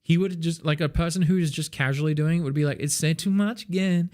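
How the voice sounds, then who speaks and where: A man teaching music in a casual livestream, animated and loose, peppering his talk with "like" and the odd swear word. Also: on the high side, fairly quick, few pauses. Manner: sings song snippets to demonstrate. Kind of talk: casual livestream song feedback.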